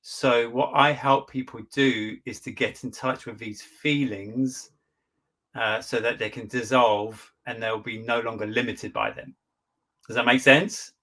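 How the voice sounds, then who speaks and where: A British man, a guest coach, calmly explaining an idea step by step in an interview. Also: medium pitch, unhurried. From Britain.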